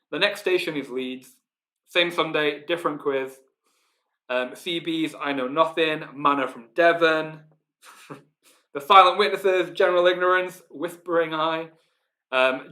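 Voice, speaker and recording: A chatty Yorkshireman hosts a live online quiz, reading out the players' team names and chuckling along the way. His voice sits a touch high for a man and has a bright, forceful ring to it. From Yorkshire, England. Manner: chatty, reads out team names, laughs often. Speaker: quiz host.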